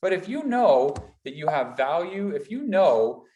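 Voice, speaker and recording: A man presenting a motivational workshop, talking in lively repeated lists like a college instructor. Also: a little high, unhurried, roomy sound. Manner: animated, builds repetitive lists.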